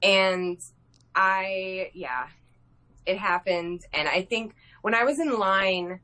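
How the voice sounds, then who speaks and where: A woman artist talking as a guest on a live video interview, excitable, swearing freely and laughing often. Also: medium pitch, slow pace. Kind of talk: casual interview over a live video stream. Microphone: video call.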